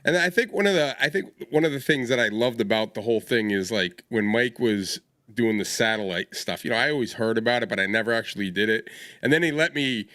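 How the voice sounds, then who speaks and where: A man's voice: fairly quick, hardly any pauses, dry recording, studio quality. A man in a casual live-stream chat who tells his stories with animation and acts out what people said. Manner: animated, acts out quotes with big jumps in pitch.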